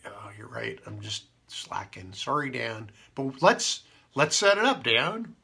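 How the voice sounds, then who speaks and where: A man's voice: mid-range voice, expressive, unhurried, gravelly, pushed and bright, breathy edge. A man hosting a casual radio show, rambling through stories with many fillers and asides. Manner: meandering, full of fillers and asides. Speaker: radio host.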